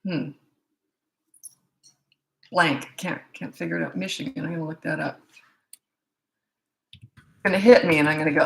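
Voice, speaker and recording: A woman's voice: low voice, steady tone, moderate pace, creaky, long pauses, poor audio. A middle-aged woman who works as a parenting coach chats casually on a livestream, greeting viewers by name and place with jokey asides.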